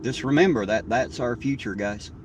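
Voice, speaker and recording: A man's voice: medium pitch, moderate pace. A man from southern Ohio with a drawl, chatting casually and folksily on a live stream while driving. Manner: laid-back, folksy, rambling. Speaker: livestreamer. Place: inside a car driving at night. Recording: distant mic with faint road noise.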